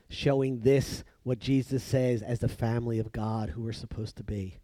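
A man preaching a sermon who acts out the voices in the story he tells, swinging between loud emphatic bursts and soft hushed lines. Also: mid-range voice, fairly even intonation, normal speed, hardly any pauses, no room sound.

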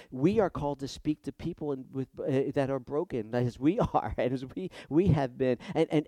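A man preaching a sermon with passion, dropping to a hush and then rising loud and emphatic, often repeating words as he builds. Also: medium pitch, no room sound. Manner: impassioned, swinging from hushed to loud and emphatic; repeats words when stirred.

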